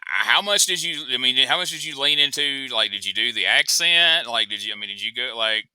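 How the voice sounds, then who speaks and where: A man's voice: mid-range voice, animated, a little fast, sharp tone, clear, resonant tone, dry recording, poor audio. A man hosting a podcast, asking his guest curious, conversational questions. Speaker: podcast host. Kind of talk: casual interview.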